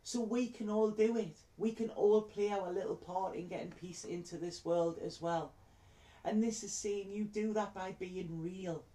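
A woman's voice: medium pitch, mellow, roomy sound. A woman, a tarot reader telling a heartfelt story to camera in a chatty way. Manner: heartfelt, chatty, repeats words.

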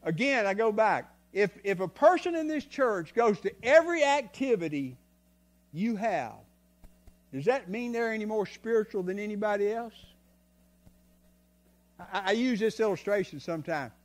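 Older man, guest preacher, folksy storyteller, high-set voice. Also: animated, normal speed. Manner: folksy, tells stories, swings from soft to loud. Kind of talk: sermon. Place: church sanctuary.

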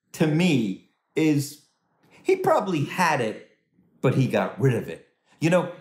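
Male stand-up comic performing from home over a video call, lively delivery, roomy echo. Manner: animated, swoops into high voices for quoted people. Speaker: stand-up comedian. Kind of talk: stand-up comedy set for a virtual charity dinner.

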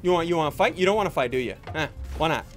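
A young man giving jokey, excitable commentary while playing a video game. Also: a little high, very fast, soft background music. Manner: excitable, jokey, yelps and laughs mid-play. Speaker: gaming channel host. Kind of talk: live gameplay commentary.

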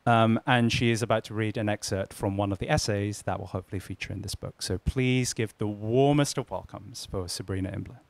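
A man introducing a fellow writer at a literary reading, halting with frequent ums but admiring. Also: fairly low pitch, steady tone, gravelly. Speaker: mentor introducing a reader. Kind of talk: event introduction.

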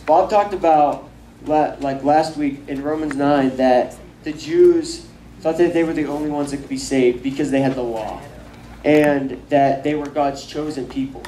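A young man leads a casual bible study in a mellow, dark voice, speaking loosely with fillers and acting out quotes. He sounds a bit away from the mic in an echoey room with faint ambience around him. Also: on the high side, fairly even intonation, measured pace, distant mic, slight background noise. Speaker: youth bible teacher.

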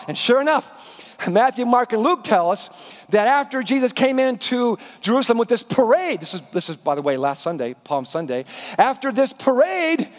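A male pastor preaching a sermon in a church, telling the story in an animated, dramatic way. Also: extremely high pitch, moderate pace. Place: church sanctuary. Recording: reverberant church hall.

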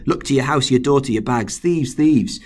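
A man reading aloud as an agitated young nobleman who raises the alarm at night with shouts. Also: medium pitch, normal speed, pitched above the performer's own voice, lightly acted. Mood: alarmed shouting.

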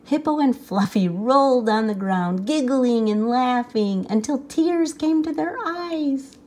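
A woman reading a children's picture book aloud with expressive storytelling. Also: sits high. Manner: slow, lively, expressive reading.

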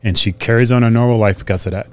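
A man's voice: medium pitch, fairly even intonation, rapid-fire, clean tone. A man speaking as a podcast guest, telling candid and emphatic stories about himself in an earnest, confessional way. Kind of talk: candid interview storytelling.

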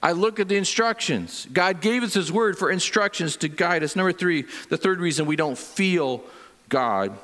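A middle-aged pastor preaching in a chatty, joking way, dropping into short acted-out voices between scripture readings. His voice sits a touch high for a man. The sound rings with the long reverb of a large church hall. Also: animated, normal speed, a bit bright. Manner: conversational and joking, acts out little voices. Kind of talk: sermon. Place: church sanctuary.

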